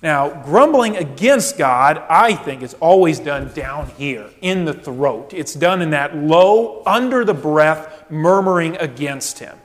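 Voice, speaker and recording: A male pastor preaching a sermon with dramatic swings between loud quoted complaints and hushed low asides. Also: lively intonation, slow pace, big-room sound.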